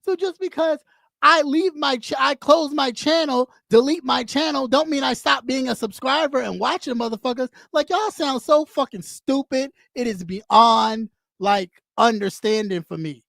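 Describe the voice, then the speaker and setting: The voice belongs to a woman streamer who speaks in a high pitch and rants bluntly at her audience. She swears constantly and mocks people as she goes. The recording is dry and close, with no room echo. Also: moderate pace, vocal fry, a bit bright. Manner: blunt, mocking, heavy swearing. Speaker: YouTube streamer. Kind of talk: profane rant on camera.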